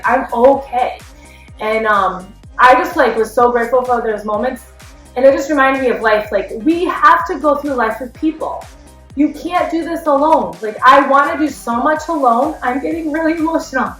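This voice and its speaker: A running coach in her thirties records a candid personal vlog, her voice a little high and a bit bright. She rambles heartfeltly with many fillers, in an echoey room with faint music in the background.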